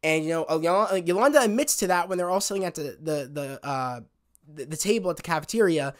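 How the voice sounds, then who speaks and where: Man, slightly high voice, rambling and heartfelt, casual show recap. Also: animated, fast talker. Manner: rambling, heartfelt retelling of scenes. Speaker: TV show reviewer. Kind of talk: casual spoken episode review.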